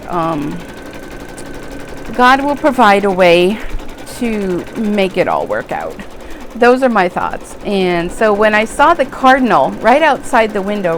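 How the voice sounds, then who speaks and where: A middle-aged woman hosts an embroidery video, rambling and chatting casually as she crafts, and at times she's tearful. Her voice is mid-range, with slight background noise.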